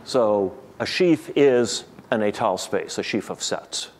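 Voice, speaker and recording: A man's voice: fairly low pitch, lively intonation, measured pace, slight background noise. A man giving an academic lecture to a room of listeners, thinking aloud with frequent restarts and repeated words.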